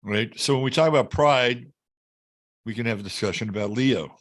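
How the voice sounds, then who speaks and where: A man's voice: mid-range voice, normal speed. A middle-aged man hosting an astrology show, talking in a chatty, jokey livestream style. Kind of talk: casual livestream chat.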